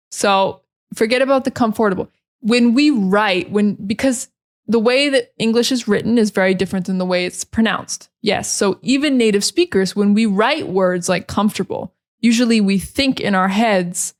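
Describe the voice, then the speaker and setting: A woman from Maine with an American accent, teaching English pronunciation and repeating words slowly and carefully, syllable by syllable. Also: mid-range voice. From Maine, USA. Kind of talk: pronunciation lesson.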